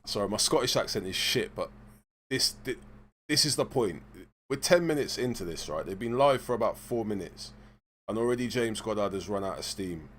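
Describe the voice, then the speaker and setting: A man hosting a live stream who makes mocking asides and gives shout-outs to viewers in the chat. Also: on the low side, animated, moderate pace, slight background noise. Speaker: stream host. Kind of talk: casual live-stream commentary.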